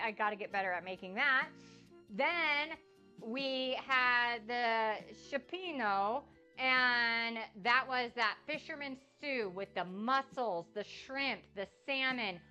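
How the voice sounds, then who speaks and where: A woman's voice: a little high, a little slow, bright, forceful tone, lo-fi sound, soft background music. A young adult woman chatting casually on a cooking livestream, gushing and effusive as she tastes her food. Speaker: cooking streamer. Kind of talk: casual cook-along livestream chat.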